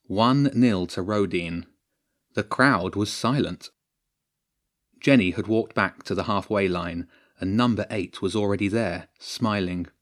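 Low-voiced man narrating an audiobook. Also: a little slow.

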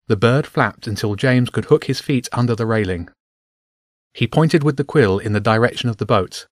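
A man narrating a children's adventure story aloud with an expressive reading. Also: lowish voice, moderate pace, no echo, clean studio sound.

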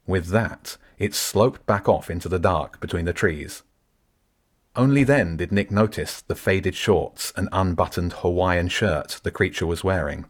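Brief: deep, low male narrator, steady storytelling. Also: unhurried. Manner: steady storytelling, shifts into character voices. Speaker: audiobook narrator. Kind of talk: scripted narration.

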